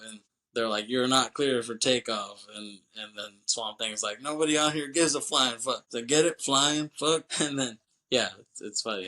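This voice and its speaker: Animated podcast man recapping a movie. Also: on the low side. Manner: animated retelling, acts out character lines, laughs often, swears. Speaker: podcast host.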